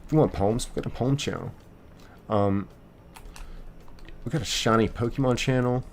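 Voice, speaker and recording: A man's voice: mid-range voice, normal speed, vocal fry, slight background noise. A man streaming a game live, reading chat aloud and rambling casually with lots of fillers and restarts.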